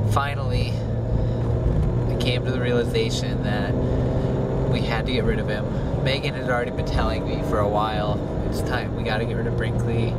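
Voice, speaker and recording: An earnest young man speaks to his camera in a casual vlog, at a middle pitch. His sentences come in short, halting bits with ums and uhs. A loud wash of outdoor noise sits under his voice. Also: recorded from a distance. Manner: earnest, talks in short halting phrases with fillers. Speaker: vlogger.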